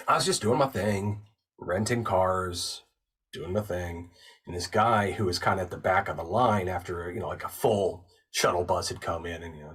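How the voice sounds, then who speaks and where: A man guesting on a podcast, telling stories in a casual, animated way and acting out what other people said. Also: low-pitched, husky, far from the mic. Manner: animated storyteller who acts out other people's lines. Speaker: guest, actor and narrator.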